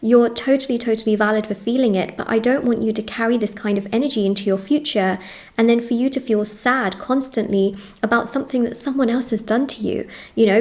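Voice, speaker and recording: A woman's voice: fairly high pitch, a little mellow. A young woman giving a tarot reading to viewers, reassuring and emphatic, repeating words and often checking in with "okay?". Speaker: tarot reader.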